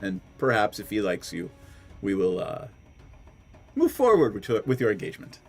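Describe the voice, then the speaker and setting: A man voicing a prim human woman who guards entry to a pleasure barge, polite and measured. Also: on the low side, huge pitch swings, vocal fry, slightly rough, soft background music, voice pushed down, full character voice. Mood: cool, polite.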